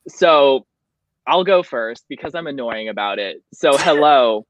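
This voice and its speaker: A man's voice: mid-range voice, lively intonation, unhurried, a bit bright, dull audio. Tipsy, emotional man hosting a book chat. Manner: emotional, reads quotes aloud tearfully. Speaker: show host. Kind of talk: casual book club livestream.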